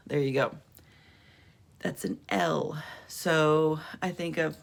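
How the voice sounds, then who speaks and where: A woman teacher giving a patient home video lesson on phonics, sounding out letters and words slowly from her room. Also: sits low, creaky.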